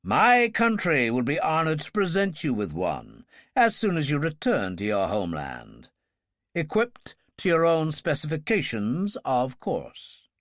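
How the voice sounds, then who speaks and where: A male narrator voicing an indulgent, measured American president. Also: fairly high pitch, huge pitch swings, fairly bright tone, no room sound, studio quality, heavily acted. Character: indulgent American president, middle-aged man.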